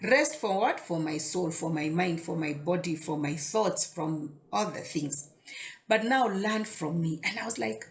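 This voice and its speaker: A woman with a fairly low, unhurried voice hosts a casual devotional talk. She speaks conversationally and often repeats words as she thinks aloud.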